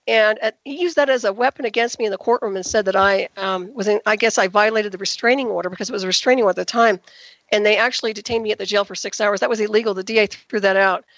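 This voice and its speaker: A woman's voice: medium pitch, fast talker, fairly bright tone, no room sound. A woman guest on a call-in radio interview, telling her story in an emphatic, indignant way. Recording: dull, dry lo-fi recording.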